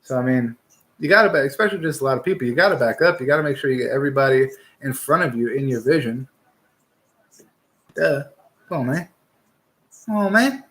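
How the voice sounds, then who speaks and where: A man's voice: mid-range voice, fast talker, pauses often, fairly bright tone. Blunt, profane young man talking fights. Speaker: podcast host giving fight picks. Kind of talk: casual fight talk.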